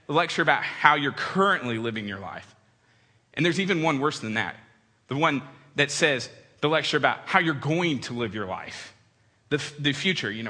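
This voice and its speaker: A man in his thirties giving a humorous storytelling talk to an audience, animated and acting out quoted voices. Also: high voice. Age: 30s. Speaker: speaker addressing an audience. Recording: long hall reverb.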